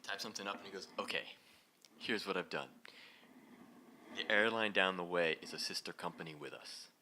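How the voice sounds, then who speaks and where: A man giving an inspirational talk to a live audience, telling a story in a lively way and laughing often. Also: low-pitched, brisk, a little hiss or hum. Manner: animated, laughing as he acts out the story. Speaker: speaker leading a heart talk. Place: event hall.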